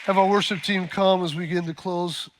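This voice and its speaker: A male pastor with a high-pitched voice delivers a sermon. He tells a story with frequent fillers and restarts, then builds to loud, emphatic peaks. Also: fairly even intonation, brisk, a faint crowd, slight background noise.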